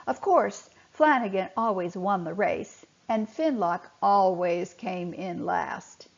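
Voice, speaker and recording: A woman softly and expressively reading a bedtime story to children. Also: medium pitch, slow, creaky. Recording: dull lo-fi recording.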